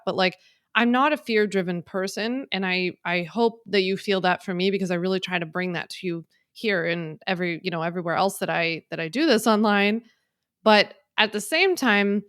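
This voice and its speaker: A woman's voice: mid-range voice, a bit bright, clear, resonant tone, no echo. Woman, from Philadelphia, podcast host, frank, chatty, filler-heavy, dry recording. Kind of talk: casual solo podcast. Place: home office. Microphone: on video in office.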